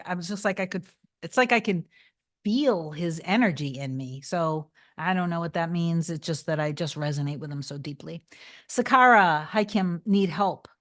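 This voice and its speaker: A woman with a slightly low voice chats casually on a livestream. She rambles, restarts her sentences and fills gaps with "um" and "like". When she gives advice her voice goes soft and reassuring. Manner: chatty, rambling, with many restarts and fillers. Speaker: manifestation coach answering live chat.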